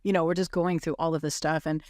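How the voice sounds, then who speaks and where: A woman on a podcast telling a moving personal story in an earnest, halting way, with many fillers and restarts. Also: low voice, little pitch movement, a little mellow, no room sound, clean studio sound.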